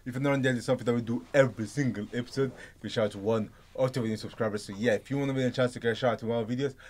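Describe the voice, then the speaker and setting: A young man co-hosting a reaction channel, chatting excitedly in a slangy way with bursts of laughter. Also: mid-range voice, racing. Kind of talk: excited casual reaction chat.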